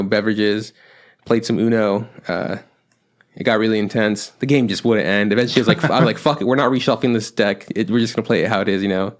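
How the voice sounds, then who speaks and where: A young man chatting on a podcast, rambling with lots of fillers and swearing. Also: lowish voice. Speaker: podcast co-host. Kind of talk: casual chat.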